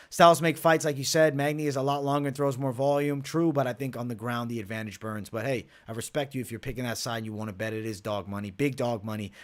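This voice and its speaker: A young man hosting a late-night live stream, breaking down fight picks and betting odds in a brash, profane, hyped-up way while reading viewer comments aloud. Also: medium pitch. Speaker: MMA livestream host.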